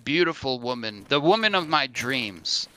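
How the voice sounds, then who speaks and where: A man's voice: mid-range voice, big pitch swings, normal speed, pushed and bright, a little hiss or hum. A man voicing a friendly, easygoing male bar regular who tells his story in a matter-of-fact way.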